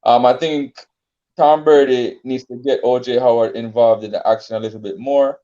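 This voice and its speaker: A man's voice: mid-range voice, fairly even intonation, normal speed, mellow, muffled recording. A man co-hosting a casual sports talk show, laid-back and hesitant, with frequent ums and restarts. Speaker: sports podcast co-host.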